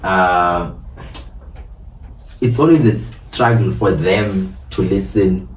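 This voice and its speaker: A man's voice: low voice, takes it slowly. A man hosting a casual interview, asking questions and giving short, supportive replies. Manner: brief supportive backchannels. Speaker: host. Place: in a car. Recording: roomy sound, mic at a distance.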